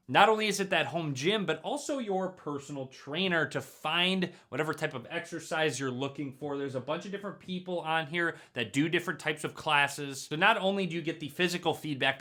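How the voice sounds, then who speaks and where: Bright, upbeat young man reviewing gear. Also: on the high side. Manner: upbeat, clear presenter delivery. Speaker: tech reviewer. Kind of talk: product review vlog. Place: home room with a wall-mounted gym.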